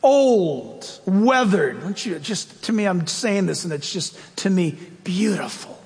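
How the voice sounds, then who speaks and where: A slow-speaking pastor with a fairly high voice preaches in church, the sound echoing with long, ringing hall reverb. His sermon is animated and story-driven, with his pitch leaping up and down as he dramatizes each point.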